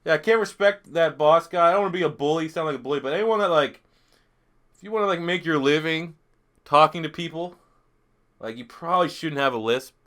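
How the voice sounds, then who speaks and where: A man's voice: fairly high pitch, brisk, a bit bright. A young man streaming a football video game, reading chat questions aloud and answering in a crude, profane, blunt way. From Canada. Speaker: gaming streamer. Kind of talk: live gameplay commentary reading chat.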